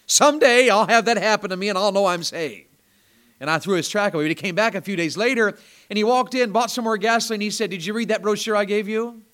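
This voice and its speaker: A Southern preacher from Tennessee delivers a storytelling sermon in a small church. His voice sits a little high for a man. He slips from hushed, confiding asides into loud, ringing emphasis. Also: expressive, fast. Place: small church during a service.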